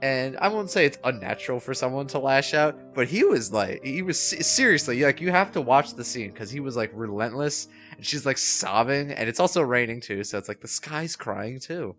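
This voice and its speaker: A man's voice: mid-range voice, normal speed, few pauses. A man in casual conversation, voice rising and falling a lot as he talks. He acts out characters' lines while he reviews a film, and faint music plays behind him. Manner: animated, quotes characters in put-on voices. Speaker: podcast co-host.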